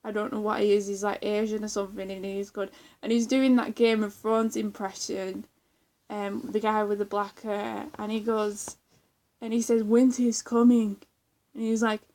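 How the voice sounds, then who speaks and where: A woman's voice: medium pitch, level tone, normal speed, a little mellow. Rambling, giggly young woman. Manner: rambling, giggly, many fillers and restarts. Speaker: vlogger. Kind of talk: casual chat.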